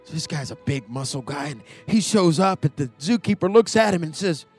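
High-voiced preacher. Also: male voice, expressive, fairly quick, husky, soft background music. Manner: storytelling, swings from hushed to shouting; repeats words as he builds. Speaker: pastor. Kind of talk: sermon.

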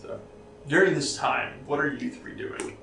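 A man's voice: mid-range voice, measured pace, fairly bright tone. A man running a tabletop game as game master, narrating casually with many fillers. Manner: casual, filler-heavy, laughing. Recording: echoey room, mic far off, faint noise.

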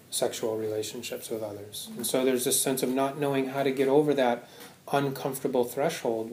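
A man's voice: mid-range voice, darkish tone, roomy sound. A man giving a Buddhist Dharma talk to a live audience, conversational, often checking in with "right?". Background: audience laughter.

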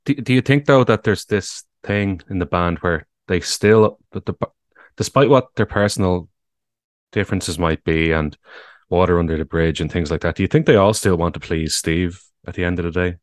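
A man's voice: deep voice, normal speed, dry recording, clean studio sound. A man in casual podcast chat who muses and asks questions. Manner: questioning, musing.

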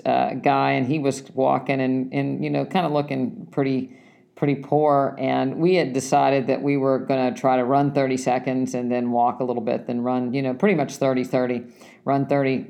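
A man casually telling a story about a race, rambling and halting, often restarting his sentences. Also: medium pitch, gravelly, dark tone. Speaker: runner recounting a race.

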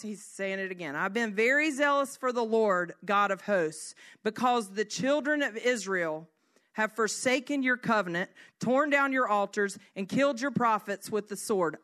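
A woman giving a devotional teaching in an earnest way, reading scripture slowly and at times dropping to a soft hush. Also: a little high. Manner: earnest, slows down to read scripture. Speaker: speaker.

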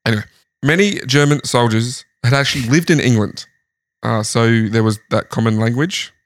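A man's voice: mid-range voice, normal speed, a little hiss or hum. A man host casually telling a history story in a lounge room, laughing often. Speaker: podcast host.

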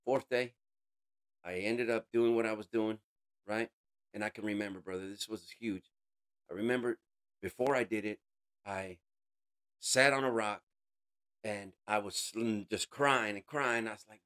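A man giving an emotional personal testimony in an interview, earnest, calling the listener bro, voice rising high and dropping to a hush. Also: moderate pace, long pauses. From United States. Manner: swings between raised intensity and hushed quiet. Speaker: interview guest.

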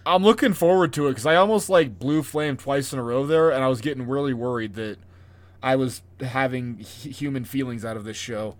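A man's voice: medium pitch, a little fast. A man co-hosting a casual podcast, sarcastic and swearing freely. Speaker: podcast co-host. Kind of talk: casual chat.

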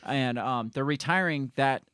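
A man's voice: medium pitch, measured pace, fairly bright tone, clean tone, no echo. A man co-hosting a casual talk stream, reading news aloud and adding his own blunt comments, often laughing and swearing. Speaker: co-host of a live-streamed talk show.

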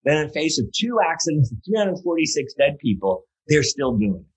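Husky man telling a story. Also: fairly high pitch, normal speed, poor audio. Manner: animated, many fillers and restarts, builds to emphatic points. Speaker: guest speaker on safety culture. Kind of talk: conversational storytelling.

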